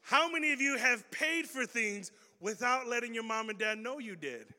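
A man's voice: very high-pitched, animated, normal speed, sharp tone. A young man preaching a youth sermon in a casual, slangy way, quizzing the audience as he goes. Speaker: youth pastor. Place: large hall with audience. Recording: reverberant hall.

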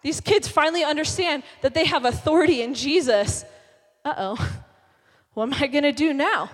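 Satan as a sly, nagging tempter, speaking low and hushed with a wheedling, needling edge, as if every lie were worth a shot, as a young woman preacher puts him on. Her voice is still fairly high even when dropped, and it rings out across a big reverberant hall. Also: normal speed, natural voice. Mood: sneering. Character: sly, pestering male devil tempter. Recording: long reverb of a large hall.

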